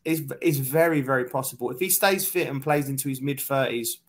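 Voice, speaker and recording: A man in his forties, a football pundit guest, talking excitedly with lots of stumbling restarts. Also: mid-range voice, fairly quick. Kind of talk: casual chat on a video call.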